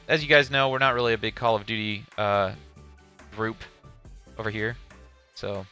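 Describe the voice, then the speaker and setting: A man's voice: fairly low pitch, moderate pace, pauses often, sharp tone, clear, resonant tone, faint music behind. A man streaming live, giving casual, profane commentary on a game showcase and reading chat questions aloud.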